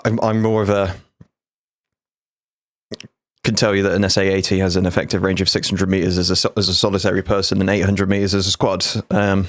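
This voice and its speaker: Brief: man in his thirties, gaming streamer and ex-soldier, blunt sweary banter, lowish voice, dry close sound. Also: flat delivery, quick pace, no room sound. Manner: frank, sweary, jokey banter. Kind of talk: casual livestream chat with viewers.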